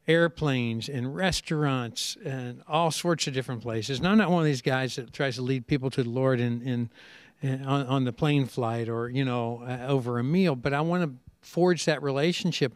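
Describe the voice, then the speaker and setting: A middle-aged man, a preacher speaking on a conference panel, telling stories in a lively way and acting out what other people say. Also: mid-range voice, no echo. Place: conference seminar session.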